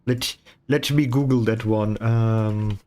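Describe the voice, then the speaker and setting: Slow-talking sarcastic male streamer. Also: fairly low pitch, fairly even intonation, a little mellow. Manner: sarcastic, teasing, swears and laughs often; chewing ice while talking. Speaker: livestreaming artist. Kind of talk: casual stream chat while painting.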